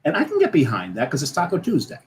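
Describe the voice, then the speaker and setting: A man's voice: fairly high pitch, wildly swooping pitch, quick pace, low-quality recording. A man co-hosting a casual talk show who explains things at length in a methodical way. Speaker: co-host. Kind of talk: casual chat.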